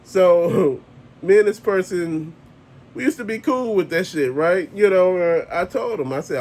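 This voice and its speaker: A man's voice: high-pitched, measured pace, darkish tone. A man hosting his own show, ranting bluntly and emphatically with heavy profanity. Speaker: host. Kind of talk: ranting monologue.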